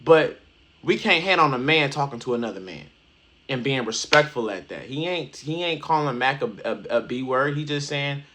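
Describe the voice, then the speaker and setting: A man's voice: medium pitch, lively intonation, normal speed, bright, forceful tone, slight background noise. A man hosting a reaction video, talking casually in street slang with emphatic stops and restarts.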